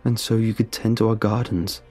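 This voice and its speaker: A hostile village councilman hurls accusations with a spitting, forceful edge, voiced by a male audiobook reader. The voice sits low and mellow, with soft music behind. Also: flat delivery, a little fast, close to an everyday voice. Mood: accusing. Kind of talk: audiobook reading.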